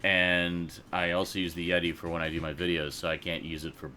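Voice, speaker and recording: Bright-toned, rambling male stream host. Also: low voice, completely flat delivery, brisk, slight background noise. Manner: rambling, laughs often, swears casually. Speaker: livestream host. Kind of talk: casual livestream chat. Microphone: desk USB microphone.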